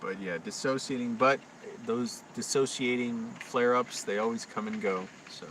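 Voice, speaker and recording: A man rambling through a late-night livestream monologue, talking quietly and anxiously to himself with frequent restarts. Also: mid-range voice, normal speed. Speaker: live streamer. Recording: distant mic with constant hum.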